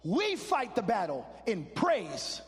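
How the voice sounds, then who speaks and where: A man voicing his stern immigrant pastor father, who shouts commands in broken English. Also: sits high, huge pitch swings, slow, in a large hall, full character voice.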